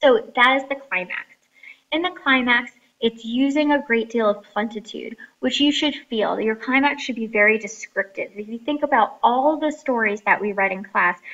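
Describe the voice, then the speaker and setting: A woman's voice: on the high side, moderate pace, a bit bright, dull audio. A woman teaching a class lesson on story writing, explaining step by step and reading passages aloud.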